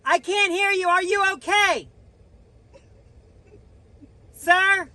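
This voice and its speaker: A man putting on a nosy, brash prankster voice, shouting and taunting a stranger in a parking lot. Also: extremely high pitch, drawn-out words, voice pushed up, full character voice. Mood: pestering.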